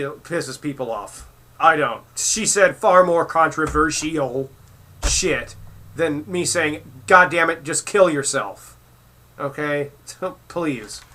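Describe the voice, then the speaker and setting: A man's voice: on the high side, bright, forceful tone. A man delivering a profane, mocking rant as a commentary vlogger, heated and insulting. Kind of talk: angry rant reacting to clips.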